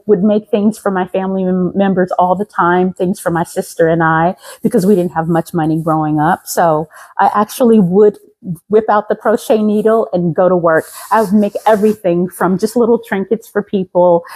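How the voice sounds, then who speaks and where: Enthusiastic woman with crisp diction. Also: lowish voice, low-quality recording. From Louisiana, raised in Colorado from seventeen. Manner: crisp trained-singer diction, warmly enthusiastic, repeats phrases. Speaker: fashion vlogger. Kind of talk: casual outfit show-and-tell.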